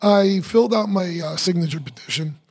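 Hoarse, gravelly-voiced New York man. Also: high voice, darkish tone. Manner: rapid, rambling, street-casual. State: hoarse from losing his voice. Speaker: political candidate guest. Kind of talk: casual podcast chat.

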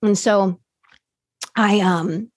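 A woman's voice: mid-range voice, steady tone, very slow, slightly rough, dry recording, studio quality. A woman, now a recovery coach, candidly telling her recovery story in a rambling way, full of fillers and restarts.

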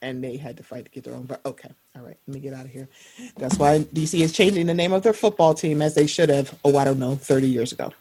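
A woman in her thirties hosting a casual podcast, lively and animated, often jumping into high-pitched voices when quoting. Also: fast, slight background noise. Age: 30s. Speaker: podcast host.

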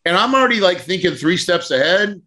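A higher-pitched man leads a class on property deals, telling the story with energy. His pitch swings widely as he acts out what each person said. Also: a little fast. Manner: animated storyteller, acts out quotes. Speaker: real estate coach.

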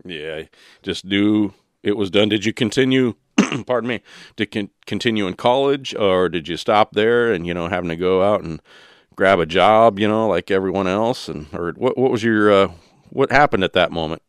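A man's voice: fairly low pitch, moderate pace, clear, resonant tone, dry recording, clean studio sound. A man hosting a podcast in casual chat, rambling and loose with lots of fillers. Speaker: podcast host.

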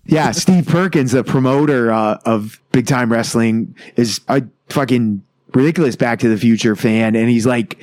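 A man's voice: medium pitch, moderate pace, hardly any pauses, a little mellow, no echo. Man, thirties, rambling profane wrestler anecdote, acts out quotes, dry close sound. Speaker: pro wrestler guest. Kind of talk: casual interview storytelling.

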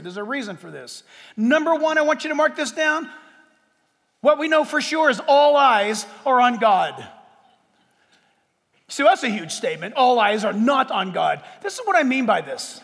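A male pastor delivers a sermon in a strikingly high voice. He stretches out words with dramatic pauses, then breaks into loud bursts. A long reverb from a large hall follows every phrase.

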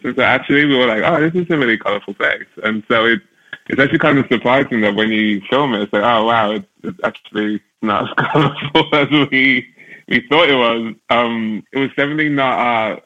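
Thoughtful low-voiced man, muffled audio. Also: fairly bright tone. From London. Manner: thoughtful, restarting phrases. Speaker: film director. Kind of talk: interview answers.

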